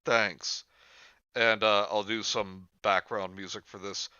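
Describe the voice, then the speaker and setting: Slow, bright-toned deadpan man. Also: fairly low pitch, clean tone, no room sound, lo-fi sound. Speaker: co-host reading a story aloud. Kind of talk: casual joking chat over a voice call.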